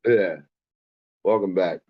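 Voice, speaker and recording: Laid-back lower-voiced co-host man. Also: slow, no room sound, muffled recording. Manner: laid-back, short agreeing remarks. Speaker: co-host giving reactions. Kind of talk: casual sports commentary.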